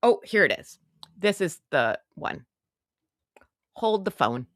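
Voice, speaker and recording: Sarcastic chatty woman with a bright voice. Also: on the low side, sing-song, takes it slowly, no echo, clean studio sound. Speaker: online show host. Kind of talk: casual live-stream commentary.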